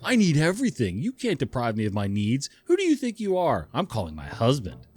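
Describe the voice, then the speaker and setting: A man's voice: lowish voice, huge pitch swings, a little fast, darkish tone, slightly rough, faint music behind, exaggerated voice. A man voicing a demanding, entitled woman who whines and throws a tantrum. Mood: indignant. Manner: whiny, demanding.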